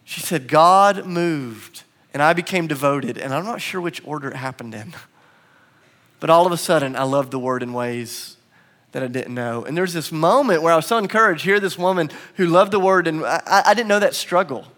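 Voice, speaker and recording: A young adult male pastor delivers a sermon to his congregation. His voice sits a little high. He talks in an earnest, personal way and builds into emphatic swells. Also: lively intonation, normal speed, fairly bright tone. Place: church sanctuary before a congregation.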